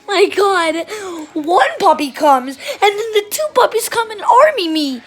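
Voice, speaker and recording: A woman chatting excitedly while filming her playful puppies, often gasping and exclaiming. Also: very high voice, unhurried. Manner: excitable, shrieks and gasps, keeps exclaiming. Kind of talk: casual excited commentary.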